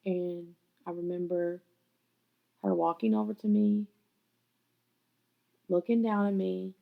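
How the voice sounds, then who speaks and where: A woman's voice: fairly low pitch, level tone, takes it slowly, creaky, phone-quality sound. A young woman, hosting a podcast and telling a personal story in a blunt, profane, candid way. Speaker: podcast host.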